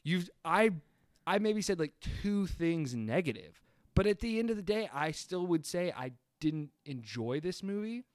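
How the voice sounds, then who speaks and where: Male podcast co-host, casual film talk, ranty and sweary, smooth clear voice, dry close mic. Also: sits high, unhurried, no echo. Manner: animated, ranting, swearing casually.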